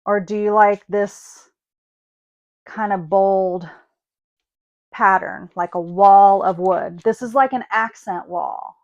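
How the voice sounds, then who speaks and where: A woman's voice: medium pitch, steady tone, takes it slowly, long pauses, dull audio. A woman hosting a casual online card-making class, chatting as she works. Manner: chatty, thinks aloud while working. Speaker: craft class host. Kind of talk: casual craft demonstration.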